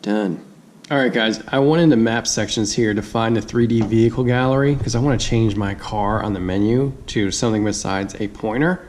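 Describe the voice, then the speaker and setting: A man's voice: lowish voice, brisk, a little mellow, a little hiss or hum. A man giving a casual hands-on product review, chatty, thinking aloud and laughing easily.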